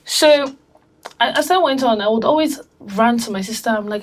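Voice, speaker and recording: A woman on a discussion panel, telling animated stories and acting out quotes from family. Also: a little high, moderate pace. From Africa. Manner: animated storytelling, acts out quotes. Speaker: panel guest.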